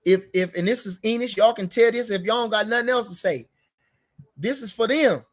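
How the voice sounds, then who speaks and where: High-voiced and slightly quick, this boxing commentary host chats casually and without a script. He wanders, says things more than once, and grows heated and forceful as he goes.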